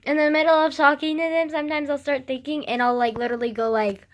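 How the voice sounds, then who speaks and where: A woman's voice: high voice, flat delivery, fast. A young woman rambling in a casual vlog, self-mocking and swearing often, with lots of fillers. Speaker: vlogger.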